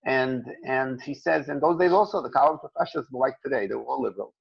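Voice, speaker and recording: Male Torah teacher, conversational storyteller, raspy gravelly voice, muffled lo-fi recording. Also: mid-range voice, quick pace. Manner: conversational, retells a story with lots of restarts. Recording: dull lo-fi recording.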